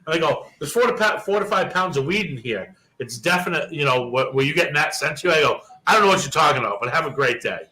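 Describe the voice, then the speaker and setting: Casting: young adult male co-host, a bit high and very bright, profane, animated storyteller. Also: quick pace, hardly any pauses, low-quality recording. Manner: profane, animated storyteller who acts out quoted dialogue. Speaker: podcast co-host. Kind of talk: casual storytelling chat.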